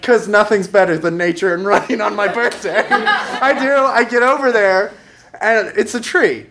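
There's background noise as a young man with a high, expressive voice tells a funny story about himself on stage at a moderate pace. He's wry and self-mocking, chuckling as the live comic story unfolds.

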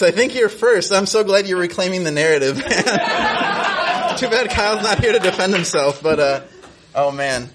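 A man hosting a live storytelling show, loose and chatty, laughing between his remarks. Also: sits high. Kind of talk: casual stage hosting. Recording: noisy live room with audience.

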